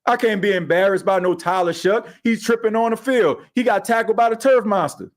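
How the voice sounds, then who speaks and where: A man hosting a sports podcast, talking in an animated, slangy way and reacting to viewer comments. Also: sits high, fairly quick. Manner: animated, slangy, reads chat comments aloud. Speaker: podcast host.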